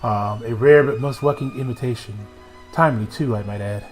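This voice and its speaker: A man's voice: on the low side, very fast, faint music behind, natural voice. A man reading formal fantasy game characters' lines aloud in a put-on accent during a game stream. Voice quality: formal, old-fashioned phrasing.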